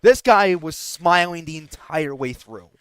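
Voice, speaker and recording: Man with a smooth, slightly high voice. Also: animated, unhurried, a bit bright, dry recording, clean studio sound. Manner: rambling, frequent restarts and fillers; indignant. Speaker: streamer. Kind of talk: casual storytelling while gaming.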